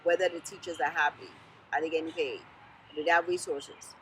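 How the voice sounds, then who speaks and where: A woman's voice: low-pitched, fairly even intonation, fairly quick, fairly bright tone, slight background noise, poor audio. A woman with a Southern US accent, a political candidate speaking in an interview in an emphatic, encouraging way that repeats key phrases. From Sierra Leone. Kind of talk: casual interview talk.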